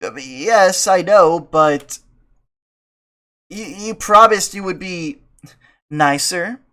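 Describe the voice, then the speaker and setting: A nervous young man in a game, hesitant and stammering, as a man plays him in a raised voice. He trips over his words while trying to calm someone down. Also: sits high, takes it slowly, pitched above the performer's own voice, exaggerated voice.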